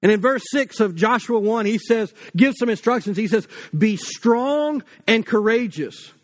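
A man's voice: high-pitched, expressive, unhurried. A man preaching a sermon in a conversational, folksy way, with casual asides. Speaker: pastor.

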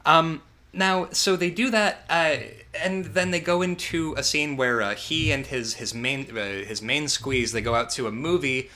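A man co-hosting a podcast, recapping a horror movie in a casual, sarcastic and profane way, with lively asides. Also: a little high, normal speed. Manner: animated, profane, sarcastic recapping with acted-out quotes. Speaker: podcast co-host.

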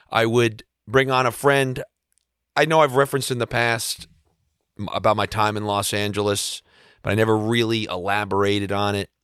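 A man hosting a podcast in casual chat, his voice hoarse and husky from shouting, talking in a wry, self-deprecating way. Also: fairly low pitch, dry recording, studio quality. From East Coast United States. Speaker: podcast host.

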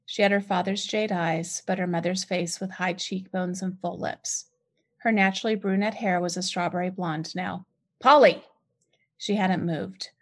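Woman reading her novel aloud, expressive. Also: lowish voice, moderate pace. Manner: expressive, lifts voice sharply for dialogue. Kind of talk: first-person fiction reading.

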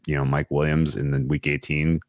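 This is a man with an extremely low, deep voice hosting a casual sports talk show. He picks apart coaching decisions in an opinionated, analytical way and often restarts his sentences. The sound is dry and close, with no room around it. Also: level tone, a little fast, dry recording. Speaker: sports podcast host.

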